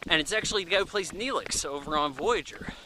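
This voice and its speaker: A man's voice: fairly high pitch, quick pace, background noise. A man in his thirties giving a casual, rambling movie review, chatty and offhand, thinking aloud with plenty of fillers.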